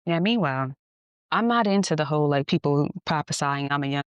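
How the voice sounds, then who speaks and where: A woman podcast host telling a personal story in a candid, animated way, laughing at times. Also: deep voice, a little fast, clean tone, dry recording, highs cut off. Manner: animated, candid, acts out dialogue, laughs often.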